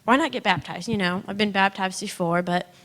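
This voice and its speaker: A young woman giving a personal testimony in church, chatty and animated, acting out what people said with sudden pitch jumps and nervous laughs. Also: fairly quick.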